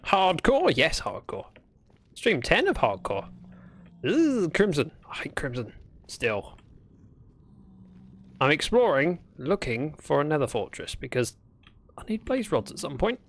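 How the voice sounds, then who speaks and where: A man's voice: a little high, huge pitch swings, measured pace. Chatty man streaming a game. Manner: chatty, talks to himself and greets chat viewers. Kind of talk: casual gameplay livestream commentary.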